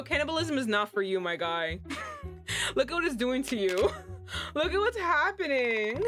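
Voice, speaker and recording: Young woman, streamer, animated, high voice, excitable, self-mocking, faint music behind. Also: unhurried. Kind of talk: game playthrough, reading and reacting.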